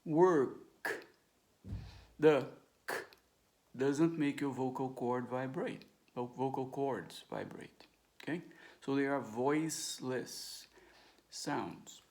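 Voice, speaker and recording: Slow woman teaching in an echoey room. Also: very deep voice, darkish tone, distant mic. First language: Portuguese. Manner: slow, drills words aloud, often checks with "right?" and "okay?". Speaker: English teacher. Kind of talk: pronunciation lesson. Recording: roomy echo, voice from away from the mic.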